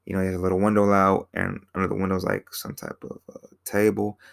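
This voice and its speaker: Low gravelly man recapping a film. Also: little pitch movement, fast talker. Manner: rambling, repeats himself, many fillers. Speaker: film reviewer. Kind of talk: casual film recap monologue.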